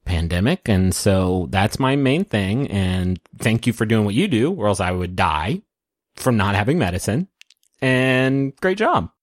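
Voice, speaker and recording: A man's voice: fairly low pitch, expressive, a little slow, no room sound. A man co-hosting a podcast, riffing and joking in a goofy, casual chat. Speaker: podcast co-host.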